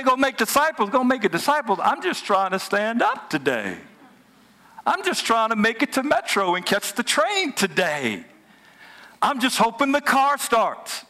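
A male pastor with a high, bright, ringing voice delivers a lively sermon. He preaches in a conversational way, joking with the congregation and swinging between playful asides and earnest points. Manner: animated, humorous conversational preaching.

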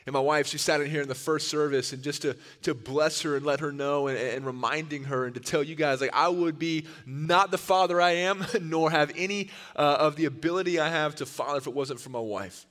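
A younger male pastor delivers a heartfelt sermon with a slightly raised pitch and an earnest, storytelling manner. His voice rolls out into a church sanctuary that holds a long reverb. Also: a little fast, few pauses. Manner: earnest and storytelling, given to animated retellings. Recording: long reverb of a large hall.

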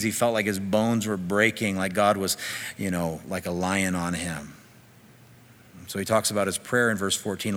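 Bright-voiced male pastor preaching in a hall. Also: on the low side. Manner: animated preaching, reading scripture with rising emphasis. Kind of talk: sermon.

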